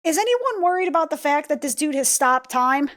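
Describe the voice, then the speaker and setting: A woman's voice: high-pitched, big pitch swings, brisk, fairly bright tone. Irreverent, joking woman gamer. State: tired, sore throat. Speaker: let's play gamer. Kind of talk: casual gameplay commentary.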